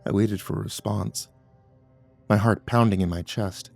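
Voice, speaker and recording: Low voiced guy reading a horror tale, dramatic, quiet music behind. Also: fairly even intonation, normal speed, creaky. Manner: dramatic, rising to near-shouts at tense moments. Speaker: horror story narrator. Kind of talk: first-person horror story narration. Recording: faint music underneath.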